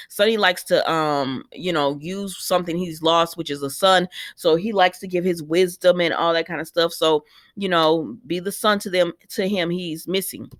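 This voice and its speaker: A woman's voice: on the low side, a bit bright, dry recording, studio quality. Chatty woman recapping soap scenes. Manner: chatty, retells scenes quoting characters, talks back at them. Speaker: soap opera recap vlogger. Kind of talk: casual episode recap.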